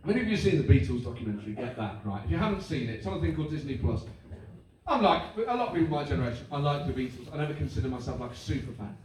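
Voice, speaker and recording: Animated stand-up comedian. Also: male voice, a little high, racing, slight background noise. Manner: animated, mimics voices and accents for laughs. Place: live venue with audience. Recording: echoey live room, mic heard from a distance.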